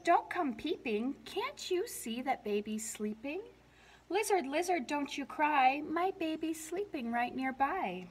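Reading a lullaby picture book for children's story time, a librarian uses a high, expressive voice at a slightly slow pace, with a little hiss or hum in the recording. She adds playful animal noises, reads in a lilting sing-song, and asks the children questions as she goes.

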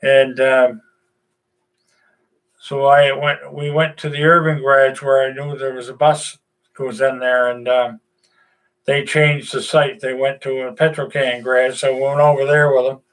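An older man, casually chatting to his viewers in a rambling, folksy way with lots of pauses. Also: mid-range voice, level tone. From Nova Scotia, Canada. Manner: rambling, folksy, many "uh"s and restarts. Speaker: vlogger. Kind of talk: casual chat to camera.

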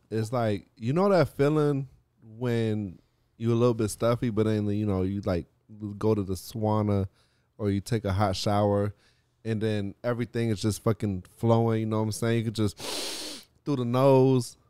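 A man hosting a podcast, telling animated stories in casual chat, swearing and laughing often. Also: on the low side, normal speed, clear, resonant tone, no room sound, studio quality. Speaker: podcast host.

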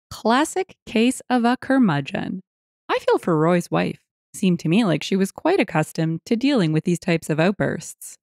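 A woman narrates a story in a scripted, expressive way, with lots of rise and fall in her pitch. Her voice sits in a middle range, and the recording sounds dry and close. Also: moderate pace, no room sound.

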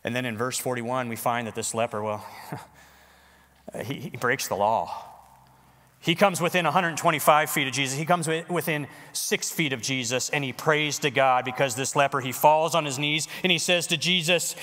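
A pastor preaches to his congregation in a conversational, animated way, with jokes along the way. His voice is bright and forceful and sits a little high for a man. The sound rings with the long reverb of a large worship hall. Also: moderate pace. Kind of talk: sermon. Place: church worship center.

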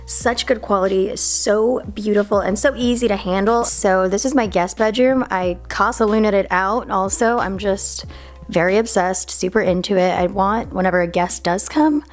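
A woman's voice: mid-range voice, fairly even intonation, moderate pace, soft background music. A young woman in her twenties chatting casually to camera in a home vlog, upbeat and full of "like" and "literally". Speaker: vlogger. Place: home indoors.

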